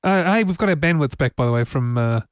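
A man's voice: medium pitch, animated, fast, clear, resonant tone, no room sound. A man hosting a casual tech podcast from a studio, talking in a loose, chatty way with frequent restarts. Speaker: podcast host.

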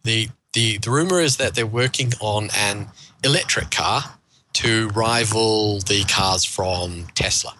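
A man's voice: fairly low pitch, takes it slowly, bright, forceful tone. Dry-witted Kiwi man, noisy recording. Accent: New Zealand. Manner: dry joking, sarcastic. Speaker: podcast co-host. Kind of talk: casual tech podcast chat.

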